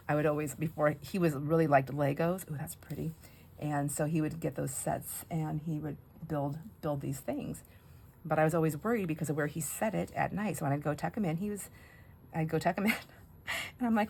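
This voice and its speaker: A woman's voice: sits low, fairly even intonation, fairly quick, vocal fry, slightly rough. A middle-aged woman hosting a crafting video, chatting casually and rambling through funny family stories as she works, laughing often. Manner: rambling storyteller, laughs often, mimics others. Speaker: crafting channel host.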